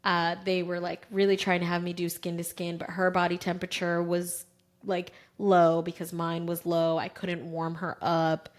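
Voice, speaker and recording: A fairly low-pitched woman in her thirties speaks at normal speed while co-hosting a podcast. Telling a personal story casually, she animates it by acting out what others said.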